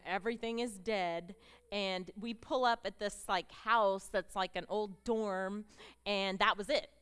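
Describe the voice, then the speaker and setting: A middle-aged woman telling her story as a sermon to a group of women, moving from hushed storytelling to fervent, emotional exclamations. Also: medium pitch, clean tone. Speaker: speaker at a women's gathering. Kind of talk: testimony sermon.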